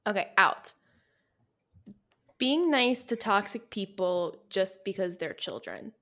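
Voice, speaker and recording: A woman's voice: medium pitch, animated, slow pace, a bit bright. A woman from the United States co-hosting a casual chat podcast, telling rambling stories and laughing often. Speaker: podcast co-host.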